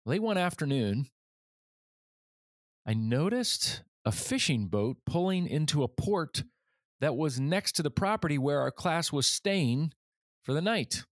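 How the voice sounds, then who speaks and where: A man's voice: a little high, big pitch swings, unhurried, no room sound, clean studio sound. A man in his forties hosting a leadership podcast, telling a personal story in an earnest way and getting livelier when he acts out other people. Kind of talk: storytelling monologue.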